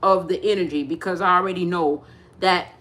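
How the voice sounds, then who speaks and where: A woman's voice: fairly low pitch, fairly even intonation, fairly quick, fairly bright tone. A woman giving a live spiritual talk, rambling with many restarts and speaking straight to her listeners. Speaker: spiritual teacher.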